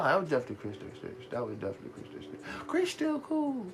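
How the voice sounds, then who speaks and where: A man hosting a live radio show, telling stories in a profane, animated way and laughing as he goes. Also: fairly high pitch, fast talker, noisy background. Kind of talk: casual storytelling rant.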